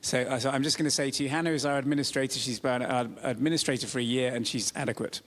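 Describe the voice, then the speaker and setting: A man preaching an informal, joking sermon as the church's pastor, chatty and animated in his storytelling. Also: medium pitch, very fast, a little hiss or hum. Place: church sanctuary. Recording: church hall with long reverb.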